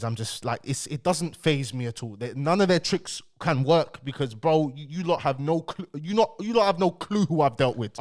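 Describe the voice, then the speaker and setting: A young man telling a story to camera in a casual, slangy way, repeating phrases and dropping his voice for calm asides. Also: fairly high pitch. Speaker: YouTuber.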